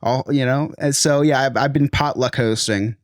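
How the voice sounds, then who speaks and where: A man's voice: medium pitch, fairly even intonation, normal speed, dry recording. Philly guy in his 30s, podcast cohost, rambling stories, dry mic. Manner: rambling storyteller, laughs often. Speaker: podcast co-host. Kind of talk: casual chat.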